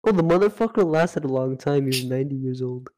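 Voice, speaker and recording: A man's voice: medium pitch, lively intonation, fast, darkish tone. Blunt, sweary young man. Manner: blunt, teasing, heavy swearing. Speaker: podcast co-host. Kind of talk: casual podcast chat.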